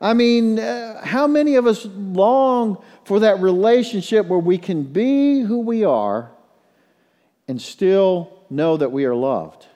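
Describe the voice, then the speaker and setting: A middle-aged man preaching a sermon as a pastor, telling stories and leading prayer in a hushed low voice. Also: lively intonation, slow. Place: church sanctuary. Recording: long reverb in a large hall.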